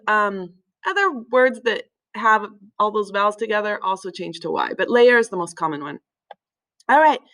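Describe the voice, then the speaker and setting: A woman teaching a recorded language lesson in a relaxed way, with many fillers, slowing down to spell words out. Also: a little high, rough recording. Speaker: Spanish teacher.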